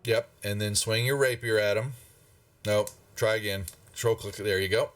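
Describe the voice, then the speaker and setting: A man's voice: on the low side, steady tone, moderate pace, a bit bright, far from the mic. A man, narrating a tabletop game as game master in a casual, rambling way. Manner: casual and rambling, with many fillers.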